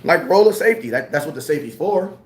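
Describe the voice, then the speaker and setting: A man with a fairly high voice rants in a casual sports talk, slangy and worked up, hammering his points again and again. His voice rings in an echoey room. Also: quick pace. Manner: animated, ranting, repeats himself, slangy. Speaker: sports commentator.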